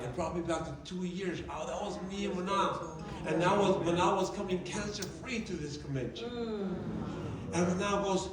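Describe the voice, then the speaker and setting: Brief: male motivational speaker, high voice, picked up from a distance in a big echoing room, audience faintly present. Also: crowd noise. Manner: animated, emotional storytelling with shifting volume and quick asides. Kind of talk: storytelling talk to a live audience. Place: large event room. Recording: echoey hall, distant mic, audience nearby.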